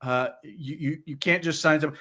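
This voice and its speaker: A man in loose, casual sports chat, co-hosting a football podcast. His voice sits somewhat high for a man, and he keeps stumbling over restarts as his disbelief builds. The talk is animated and full of exasperated questions. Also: normal speed. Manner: animated, incredulous, stammering restarts.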